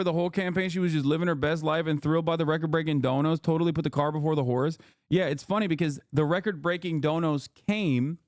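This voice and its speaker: Male Twitch streamer, exasperated profane rants, slightly high voice, dry close sound. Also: dry recording. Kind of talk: political commentary livestream. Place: living room.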